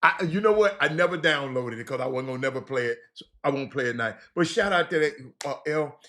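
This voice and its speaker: Bright-voiced man chatting loosely. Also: medium pitch, fast talker. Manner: repetitive, stop-start, informal slang. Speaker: livestream host. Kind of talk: casual rambling chat to viewers.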